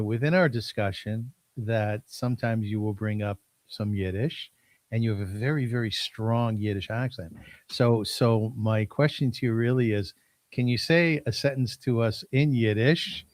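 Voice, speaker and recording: Male podcast host, earnest and halting, recorded dry and close. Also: medium pitch, no echo. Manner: earnest, halting, stumbles on his words. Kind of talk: podcast interview.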